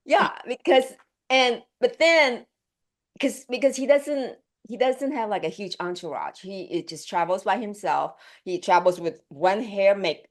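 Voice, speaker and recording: Female actress, interview guest, animated and chatty storyteller who acts out quotes. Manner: animated storyteller, laughing, acting out quotes with pitch leaps; chatty, many fillers and restarts.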